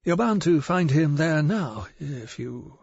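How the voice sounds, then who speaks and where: Man doing a hoarse, jittery village shopkeeper. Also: a little high, lively intonation, slow, a little mellow, dry recording, lo-fi sound, voice pushed up, heavily acted. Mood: nervous. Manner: nervous, hesitant, stammering. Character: nervous hoarse male village shopkeeper, middle-aged. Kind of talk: audiobook character voice.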